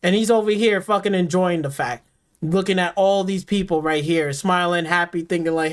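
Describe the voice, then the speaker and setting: A man's voice: sits high, moderate pace. A man hosting a gaming stream, delivering an angry, profanity-heavy reaction rant full of repetition. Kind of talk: ranting reaction commentary.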